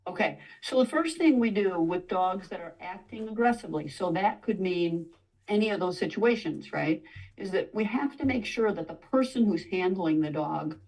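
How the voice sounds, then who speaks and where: A woman's voice: fairly low pitch, a little mellow, recorded from a distance, poor audio. A woman dog trainer, a guest in a conversational interview, explaining at length and now and then acting out what a dog might say. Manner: explanatory, acts out dog voices in quotes.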